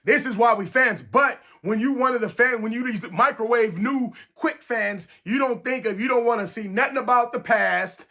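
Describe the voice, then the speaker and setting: A man's voice: extremely high pitch, moderate pace, few pauses. A man from San Francisco, ranting casually and emphatically to camera as a sports fan, repeating his points. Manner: animated, emphatic, repeats phrases.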